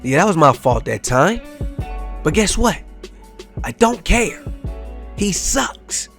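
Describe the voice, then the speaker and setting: A young man giving casual, animated commentary over a football video game, trash-talking and half-singing his asides. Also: high voice, slow, vocal fry. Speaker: gaming YouTuber. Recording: faint music behind.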